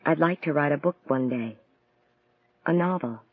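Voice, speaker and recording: A man voicing a bright, direct young woman student from the South, speaking softly and teasingly with a light drawl at times. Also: fairly high pitch, normal speed, no room sound, narrow, tinny audio. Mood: wry, teasing.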